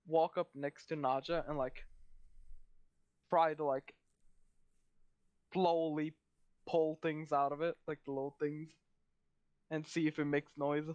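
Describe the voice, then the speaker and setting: A man's voice: on the high side, level tone, takes it slowly, long pauses, a little mellow, no echo. A man as a player in a tabletop game, loosely describing what his character does. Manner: loose, rambling action descriptions. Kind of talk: casual tabletop role-play. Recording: dull lo-fi mic.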